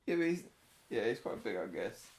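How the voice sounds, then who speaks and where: A man's voice: on the low side, sing-song, fairly quick, vocal fry. A man co-hosting a film podcast in casual chat, rambling and hesitant, often trailing off. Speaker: podcast co-host.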